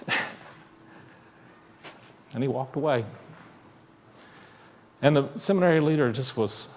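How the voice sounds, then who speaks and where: A male minister telling a story in a sermon, in a conversational, halting way with frequent restarts. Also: medium pitch, a little hiss or hum. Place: church sanctuary. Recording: long reverb in a church hall.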